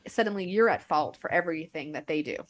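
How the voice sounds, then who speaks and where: A woman in her thirties hosting a podcast, telling personal stories in a frank, animated way full of fillers. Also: deep voice, fast. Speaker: podcast host. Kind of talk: candid conversational podcast talk.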